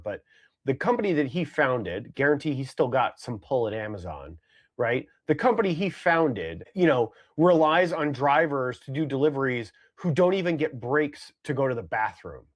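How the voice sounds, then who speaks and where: A man co-hosting a podcast, talking casually with lots of fillers and restarts. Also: mid-range voice. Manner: rambling, many fillers and restarts. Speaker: podcast co-host.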